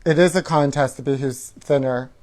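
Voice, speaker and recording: Here a man with a mid-range, slightly mellow voice reads tabloid stories at a moderate pace and with fairly even intonation. It's a campy comedy show: he's sassy and catty, keeps saying honey to his listener and gasps with mock outrage.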